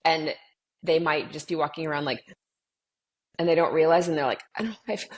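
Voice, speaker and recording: A woman's voice: low-pitched, fairly quick. A middle-aged woman talking casually in an interview, animatedly acting out conversations with clients and often restarting her sentences. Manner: animated, acts out quoted dialogue with clients. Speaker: guest sharing her experience with anxiety.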